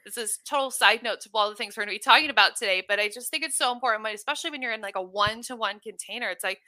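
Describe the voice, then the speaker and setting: Bubbly woman host chatting on her podcast, really bright voice, dry close sound. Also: on the high side, rapid-fire, no echo. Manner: bubbly, laughing, swears casually. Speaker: podcast host and business coach. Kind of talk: casual podcast chat.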